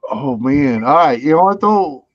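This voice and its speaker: A man's voice: on the high side, lively intonation, moderate pace, no echo. A man hosting a casual livestream chat, easygoing and self-deprecating, laughing often. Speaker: livestream host. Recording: dull, dry lo-fi sound.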